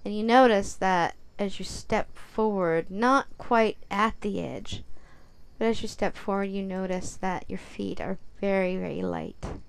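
A woman's voice: medium pitch, unhurried, gravelly, clear, resonant tone. A woman narrating a guided visualization story in a soothing second-person voice.

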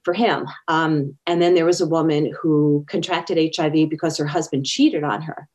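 A woman with a low, darkish voice speaks at a moderate pace in a steady tone, captured in lo-fi sound. She's an interview guest sharing personal stories in conversation, earnest throughout and acting out the quotes she recounts.

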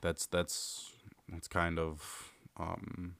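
A man's voice: deep voice, monotone, drawn-out words, gravelly, fairly bright tone, no room sound. A man hosting a podcast, casually telling a long story with lots of fillers and restarts. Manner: rambling, filler-heavy, repeats himself. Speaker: podcast host.

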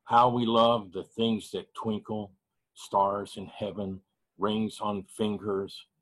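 A man reading his own poetry slowly and heavily at an online open mic, grieving and measured. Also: fairly low pitch, flat delivery, low-quality recording. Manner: measured, heavy pauses, grieving. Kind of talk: slow spoken-word poetry reading.

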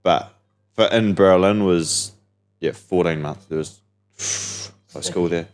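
A man's voice: sits low, slow. A young man, chatting casually as a podcast guest, laid-back, swearing and laughing often. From New Zealand.

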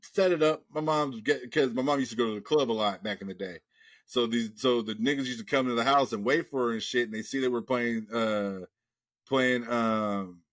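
Profane man telling a story. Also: medium pitch. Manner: profane, animated storyteller acting out quotes. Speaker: podcast host. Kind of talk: casual storytelling.

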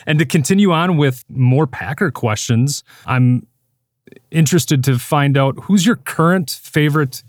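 A man's voice: a little high, animated, unhurried, no echo, clean studio sound. A man hosting a podcast interview, asking questions casually with short interjections and easy laughs. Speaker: podcast host.

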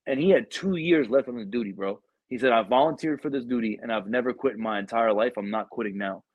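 A man's voice: medium pitch, fast talker, no echo, highs cut off. Podcast host, young man, slangy and profane, close dry sound. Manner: slangy, profane storytelling with many fillers. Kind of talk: casual chat.

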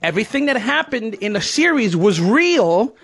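A man's voice: high voice, big pitch swings, moderate pace, a bit bright, slightly rough. A man, a former alligator wrestler, telling a personal story in a rambling, digressive way.

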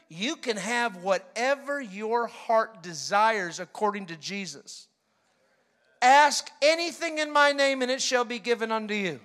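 Middle-aged man preaching, high-pitched and lively, acts out stories with funny impressions. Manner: animated storytelling, mimics laughter. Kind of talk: sermon.

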